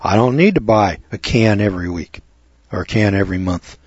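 A man's voice: lowish voice, fairly quick, a little mellow, slightly rough, no room sound. A man hosting a radio talk show, delivering a rambling, preachy monologue that builds to emphatic lecturing. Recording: dull lo-fi dry radio audio.

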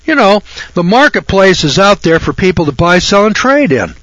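A man's voice: sits high, very animated, moderate pace, a bit bright, no echo, muffled recording. A man hosting a radio talk show, ranting in a folksy, sarcastic monologue that rambles and often restarts.

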